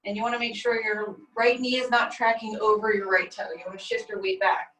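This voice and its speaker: A woman leading a guided stretching class, calmly cueing each step while she does the moves herself, recorded on a laptop mic across a room. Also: medium pitch, a little fast. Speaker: stretching instructor. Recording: echoey room, distant mic, faint music.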